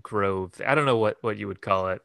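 A young man co-hosts a podcast, chatting loosely about a film with lots of fillers and false starts that make him sound hesitant. His voice is lowish, a little quick, creaky and bright, with a forceful edge. The studio recording is clean, with no room sound.

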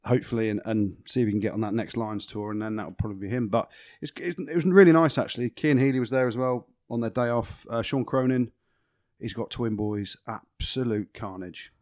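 A man's voice: mid-range voice, a little fast, darkish tone, dry recording, clean studio sound. A man co-hosting a rugby podcast in casual banter, telling jokey stories and swearing. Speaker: podcast co-host.

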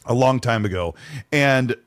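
A man co-hosting a casual gaming podcast, reading out chat messages in an animated, easygoing way. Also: mid-range voice, unhurried, no room sound, clean studio sound. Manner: animated, reads out chat messages, laughs easily. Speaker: podcast co-host.

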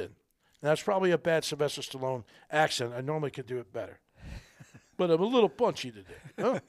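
A middle-aged army veteran speaking as a podcast guest, earnest, rambling and folksy, with a gravelly voice. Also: male voice, fairly high pitch, sing-song, a little fast, dry recording, studio quality. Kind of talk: casual interview talk.

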